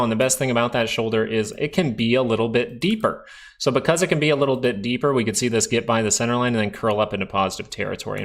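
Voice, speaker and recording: A young man hosts a live stock market stream, chatty and joking as he talks right to the viewers in the chat. His voice has a gravelly, creaky edge at a middle pitch. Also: fairly bright tone. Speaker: stock market livestream host.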